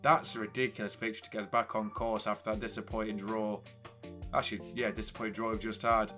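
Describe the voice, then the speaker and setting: A man's voice: on the low side, flat delivery, quick pace, bright, forceful tone, faint music behind. A young man commentating a football video game casually, swinging between hype and frustrated ranting. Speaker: gaming YouTuber.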